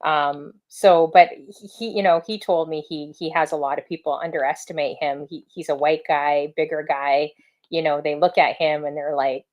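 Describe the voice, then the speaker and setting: A woman hosts a casual conversation, her voice sitting low and steady. She rambles and restarts, trailing through fillers as she works her way toward each question. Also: normal speed. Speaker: interviewer and show host.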